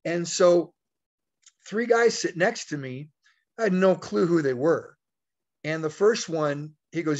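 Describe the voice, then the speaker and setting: A man's voice: a little high, lively intonation, normal speed. A man giving a motivational talk as a network marketing leader, telling a folksy story and acting out the quoted dialogue. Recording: dull, lo-fi call audio.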